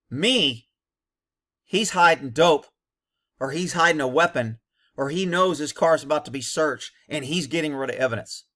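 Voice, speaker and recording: Blunt, cynical ex-cop man, bright voice. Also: fairly high pitch, expressive, normal speed. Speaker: former police officer commentator. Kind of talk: commentary over bodycam footage.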